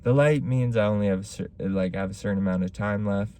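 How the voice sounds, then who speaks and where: A man's voice: lowish voice, fast, warm tone, a little hiss or hum. Laid-back young man rambling solo. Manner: rambling storytelling with acted-out quotes. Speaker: podcast host; stand-up comic. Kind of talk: casual solo chat.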